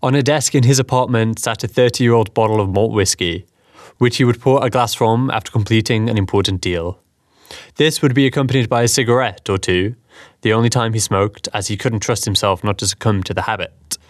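A man reading a scripted story aloud in a measured, steady narration. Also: fairly low pitch, dry recording, studio quality.

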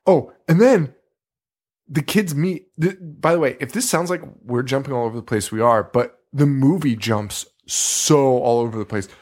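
A man's voice: medium pitch, normal speed, darkish tone. A man co-hosting a podcast, rambling through a movie review in casual chat and swearing freely in exasperated, sarcastic asides. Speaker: podcast co-host.

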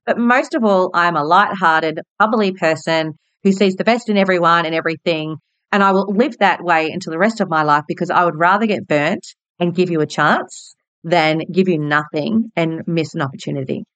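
An Australian woman in her forties talks through her own stories, bubbly and frank, dropping the odd swear word. Her voice sits fairly low, and the recording is close and dry. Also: normal speed, a bit bright, dry recording. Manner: bubbly and candid, swears casually. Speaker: podcast host and hairdresser. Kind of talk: personal storytelling monologue.

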